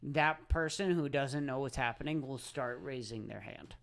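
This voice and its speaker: A comedian co-hosting a casual podcast, talking in a relaxed, easygoing way. He keeps agreeing with short yeahs and then offers his own takes. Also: mid-range voice, normal speed, creaky. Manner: laid-back, lots of short agreeing yeahs. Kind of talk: casual chat.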